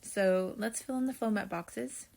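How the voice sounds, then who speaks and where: A woman teacher at an average pitch goes through her notes for a video lesson. She talks slowly and deliberately and thinks aloud as she writes. She speaks to her students in a friendly way. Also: vocal fry, darkish tone. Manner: slow, deliberate, thinking aloud while writing; friendly, addresses students directly.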